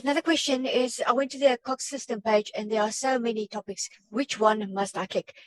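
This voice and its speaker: A woman's voice: fairly high pitch, fairly quick, dry recording, rough recording. A woman on a webinar reading out audience questions and adding her own remarks, with small stumbles. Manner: plain, reads questions aloud with small stumbles. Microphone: video call.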